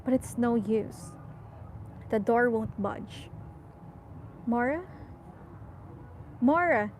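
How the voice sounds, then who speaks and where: A woman narrates a novel in a calm, measured way. Her voice sits a touch higher than most, and she colors the tense moments with soft expression. The recording is clean and close. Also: slight background noise, low-quality recording. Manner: measured, softly expressive storytelling. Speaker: audiobook reader. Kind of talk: reading a novel aloud.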